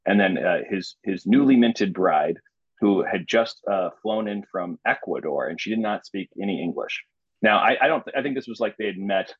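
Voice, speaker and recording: A young man from Illinois, a podcast guest, telling a story in animated, casual chat. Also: on the low side, moderate pace, husky, dry recording. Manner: animated, acts out quoted voices. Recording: slightly muffled, dry recording.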